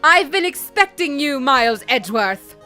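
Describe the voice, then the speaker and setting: Haughty young female prosecutor, read by a woman streamer, clipped orders, fake foreign accent, bright tone. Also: high voice, animated, normal speed, soft background music, pitched above the performer's own voice, full character voice. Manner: clipped commanding delivery, put-on Eastern European accent. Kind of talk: reading game dialogue aloud on a stream.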